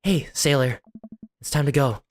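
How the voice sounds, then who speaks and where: A man's voice: mid-range voice, moderate pace, a little hiss or hum, close to an everyday voice. A man voicing a cold, resolute wife finally turning on her husband in a game.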